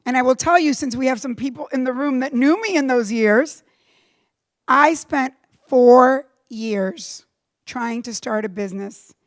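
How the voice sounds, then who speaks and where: A middle-aged woman giving a storytelling talk to a live audience, animated, acting out the voices she quotes and slipping in Spanish phrases. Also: high voice, a little slow. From Cuba. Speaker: keynote speaker. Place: lecture room with a live audience.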